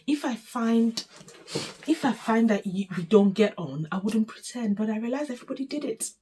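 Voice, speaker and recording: A woman's voice: on the high side, expressive, normal speed, dark tone, husky. A woman in her forties from Nigeria with a Nigerian accent, telling her own life story to camera in a candid, emotional, straight-talking way. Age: 40s. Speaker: vlogger.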